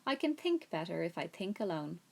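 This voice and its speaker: A woman reading a storybook aloud, voicing a wise, motherly female spider in a calm, reassuring and slightly brisk way. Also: lowish voice, vocal fry, full character voice. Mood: soothing.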